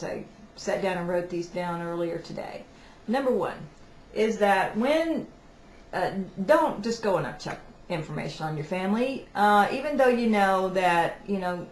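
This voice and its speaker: A woman with a fairly low voice gives casual spiritual advice straight to her listeners. She talks informally and often restarts her sentences. The recording is roomy and echoey, with a faint hiss underneath. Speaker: host of weekly spiritual messages. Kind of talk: casual teaching talk to camera. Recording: echoey room, faint background noise.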